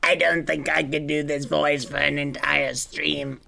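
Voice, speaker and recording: Brief: male streamer, unhurried and gravelly, musing to chat with lots of hums. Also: fairly high pitch, little pitch movement, pushed and bright, faint music behind. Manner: musing, playful, hums a lot. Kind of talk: casual game stream chat.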